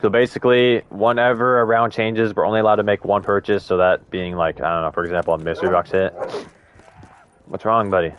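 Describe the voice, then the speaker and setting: A man's voice: lowish voice, little pitch movement, fast, few pauses, dull audio, a little hiss or hum. Laid-back young man streaming, slangy. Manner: laid-back slangy banter, swears freely. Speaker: live-streamer. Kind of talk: casual gaming stream chat.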